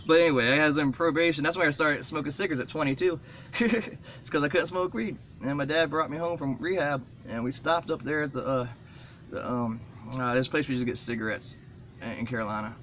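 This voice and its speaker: A middle-aged man rambling excitedly in a casual vlog, full of fillers and restarts, saying he is sweating. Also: fairly high pitch, fairly quick, slight background noise. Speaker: vlogger.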